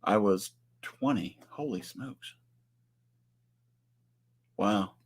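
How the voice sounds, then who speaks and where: A man's voice: fairly low pitch, very slow. A man in his forties co-hosting a casual livestream, speaking earnestly and greeting viewers by name. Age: 40s. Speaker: livestream co-host.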